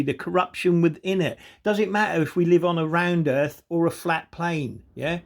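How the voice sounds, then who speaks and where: A man delivering an angry, sweary monologue, constantly asking "do you know what I mean". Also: fairly high pitch. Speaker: video commentator. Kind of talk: ranting monologue.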